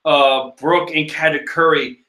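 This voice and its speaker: A man giving casual, animated commentary on a manga chapter, exclaiming and joking in disbelief. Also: a little high, unhurried. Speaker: manga reader and reviewer.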